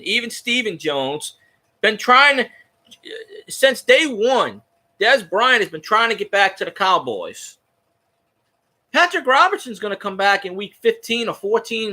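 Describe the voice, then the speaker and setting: A man's voice: high-pitched, sharp tone. A man hosting a casual fan talk show, ranting and swearing heatedly.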